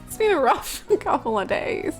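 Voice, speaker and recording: Over soft background music, a very animated woman streamer with a high-pitched voice chats casually at normal speed. She rambles and giggles while gushing over a game character.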